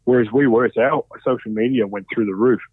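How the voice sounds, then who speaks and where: A man telling stories in a casual, animated way, swearing freely. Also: mid-range voice, fast talker, breathy edge, no room sound. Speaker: podcast guest, former reality show contestant. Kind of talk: casual storytelling. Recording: dry, phone-like narrow sound.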